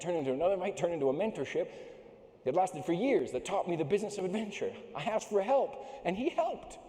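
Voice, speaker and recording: A middle-aged man giving a joking, motivational keynote speech on a stage microphone in a large conference hall. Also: high voice. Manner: animated, joking storyteller. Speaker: keynote speaker. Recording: echoey hall with long reverb.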